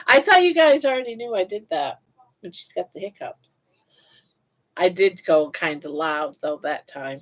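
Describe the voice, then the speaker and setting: An older woman hosting a casual live chat, chatty and unhurried, who coos at her pet in a doting voice. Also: lowish voice, animated, low-quality recording. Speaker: livestream host.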